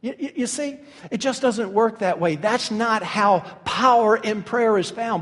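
A man's voice: high-pitched, lively intonation, a little slow, fairly bright tone, long reverb tail. A man preaching a sermon as pastor, earnest and building to emphatic peaks.

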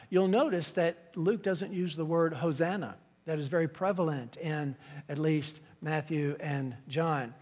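A man delivers an earnest teaching sermon. He often restarts his phrases as he works through the verses. His voice sits slightly high and carries a long, echoing reverb, as if heard in a church hall. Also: a little mellow. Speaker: pastor. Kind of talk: expository sermon.

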